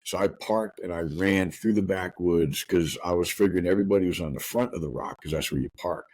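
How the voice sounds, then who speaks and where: A middle-aged man hosting a podcast, telling a painful personal story in a rough, profane, rushed way full of restarts. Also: deep voice, darkish tone, no echo. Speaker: podcast host.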